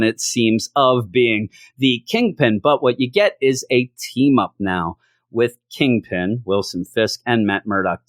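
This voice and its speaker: A man's voice: medium pitch, no echo. Jokey man reviewing comics, dry sound. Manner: jokey, animated, acts out quotes from the story. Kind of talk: casual video review.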